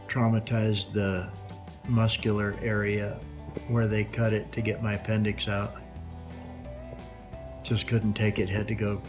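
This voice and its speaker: A man's voice: on the low side, poor audio. An older man recovering in a hospital, sore and weak after surgery, telling a rambling, indignant story in a casual way. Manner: rambling and indignant, acts out quoted voices. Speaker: patient telling his story. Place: hospital room.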